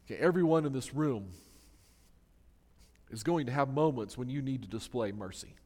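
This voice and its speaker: Man, pastor, sermon, earnest, slows for emphasis, echoing church hall. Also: medium pitch, darkish tone. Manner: earnest, slows down to stress key words. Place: church sanctuary. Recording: long reverb of a large hall.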